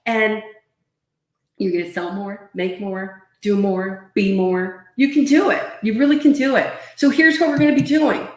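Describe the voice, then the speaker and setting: A woman's voice: medium pitch, moderate pace, darkish tone. Emphatic woman coaching in an echoey room. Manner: emphatic, coaching, repeats herself often. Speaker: sales trainer and consultant. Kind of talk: motivational online talk. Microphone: webcam or laptop mic on a live video stream. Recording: roomy echo.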